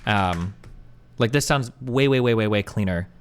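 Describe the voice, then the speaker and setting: A man streaming live, chatting loosely with his audience and answering chat; he rambles, doubts himself out loud and swears casually. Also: lowish voice, moderate pace, clean tone.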